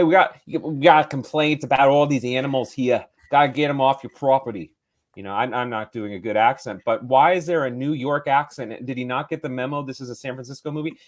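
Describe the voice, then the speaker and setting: A man co-hosting a movie review podcast, talking in a rambling, playful, opinionated way. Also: mid-range voice. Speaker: podcast co-host. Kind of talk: casual movie review chat.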